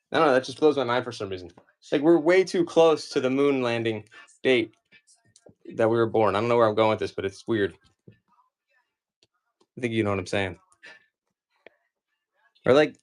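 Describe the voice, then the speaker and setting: A man's voice: medium pitch, moderate pace, pauses often. A man in his forties from the United States, rambling casually through a live-stream comic auction with lots of fillers and asides. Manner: rambling and chatty, many fillers.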